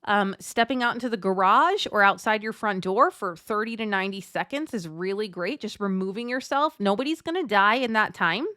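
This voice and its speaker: A woman life coach, probably in her thirties, gives a motivational talk to mothers in a bright, forceful medium-pitched voice. Animated and brisk with few pauses, she speaks directly and encouragingly, calling the listener a friend. The recording is studio quality with no echo.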